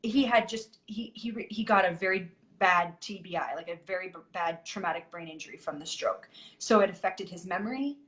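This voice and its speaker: A woman guest sharing a hard personal story candidly, in halting sentences full of restarts and fillers. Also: lowish voice, a bit bright.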